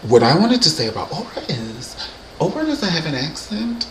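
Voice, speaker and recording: A man hosting a comedy vlog, joking in an animated, exaggerated, playful way. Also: on the high side, moderate pace. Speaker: host. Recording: echoey room, faint hiss.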